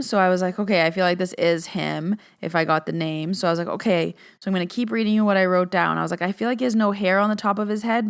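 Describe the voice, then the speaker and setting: A woman's voice: medium pitch, clear, resonant tone. A young woman, a podcast host and medium, casually telling a story in a chatty way, filling her talk with "like". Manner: chatty, says "like" constantly, animated retelling.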